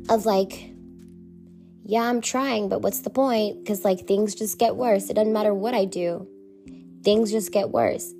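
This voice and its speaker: A woman hosting her own podcast, talking openly and emotionally in a rambling, repetitive way. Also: mid-range voice. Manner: candid, emotional, rambling with repeated phrases. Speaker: podcast host. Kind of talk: confessional solo podcast.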